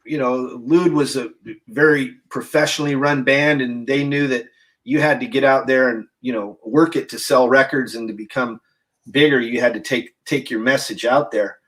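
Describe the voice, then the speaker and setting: A man interviewed as a guest musician, speaking haltingly with many restarts and "you know"s over a video call. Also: medium pitch, steady tone, a bit bright. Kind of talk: casual interview reminiscence.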